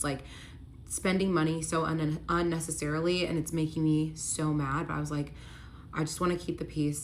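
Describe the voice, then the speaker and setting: A woman's voice: low voice, fairly bright tone, slight background noise. A young woman telling a personal story in a casual storytime vlog, chatty, with many fillers of "like", acting out quoted lines. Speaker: storytime vlogger.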